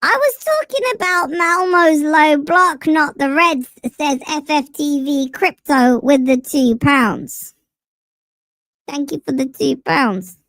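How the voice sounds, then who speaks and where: A chipmunk-high, childlike voice, with goofy, teasing energy. It sounds like a mock sports commentator on a live stream. The mic is close and dry. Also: male voice, takes it slowly, pushed and bright, dry recording, exaggerated voice. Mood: reading donation. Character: squeaky voice-changed fan, male adult. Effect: high-pitched voice changer.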